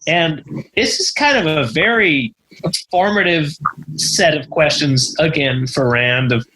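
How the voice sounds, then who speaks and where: Man, podcast co-host, bright voice, lively pitch, rambling jokey book chat. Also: low-quality recording. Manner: rambling, joking, quick impressions. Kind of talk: casual book discussion.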